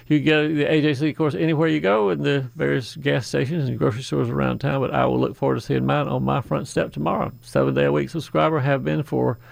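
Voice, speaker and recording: A man hosts a call-in garden show, talking in a folksy, chatty way that drifts into asides. His voice is deeply gravelly with a lot of fry. The studio sound is dry and close. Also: darkish tone, no room sound. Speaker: radio garden show host. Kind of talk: call-in radio talk.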